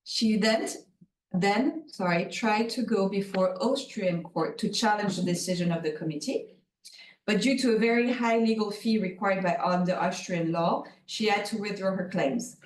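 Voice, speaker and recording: A woman's voice: mid-range voice, normal speed, slight background noise. A woman with a French accent giving a conference keynote as a lawyer. She speaks carefully, with many fillers and self-corrections. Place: lecture room. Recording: roomy echo, voice from far off.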